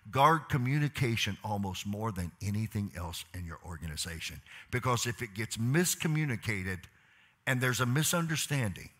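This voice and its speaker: A middle-aged man giving a leadership talk in church as a pastor, asking the crowd questions and moving between quiet asides and loud urging. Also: lowish voice.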